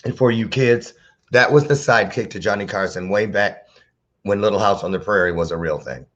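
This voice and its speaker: A man's voice: on the low side, fairly quick, a bit bright. A man hosting a talk show, bantering playfully with a preacher-like flair over a video call. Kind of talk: casual interview chat. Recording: dull lo-fi sound.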